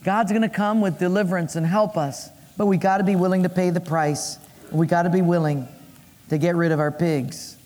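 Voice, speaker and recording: A man's voice: high-pitched, steady tone, a little fast, a little mellow. A male pastor preaching a sermon, playful, acting out voices and dropping puns. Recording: long echo of a large hall.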